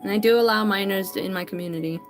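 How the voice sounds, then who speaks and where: A woman's voice: mid-range voice, rapid-fire, faint music behind. A woman artist chatting casually on a livestream while she draws, greeting viewers by name in an upbeat, chatty way. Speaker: digital artist streamer.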